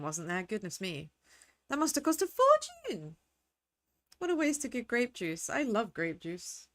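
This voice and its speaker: A woman VTuber giving excitable, playful game commentary from her home gaming corner, swearing freely. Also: medium pitch, no echo. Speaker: VTuber streamer.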